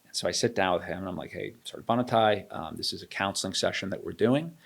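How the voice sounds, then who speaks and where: Fast-talking deep-voiced man telling a story. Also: vocal fry, breathy edge. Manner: animated, acts out quoted dialogue. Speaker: interview guest. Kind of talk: storytelling in a conversation.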